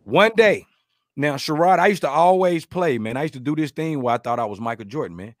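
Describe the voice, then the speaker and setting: A man hosting a podcast, chatting casually, joking, rambling through stories and giving shout-outs to listeners. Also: a little high, animated, a little fast, no echo, studio quality. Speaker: podcast host.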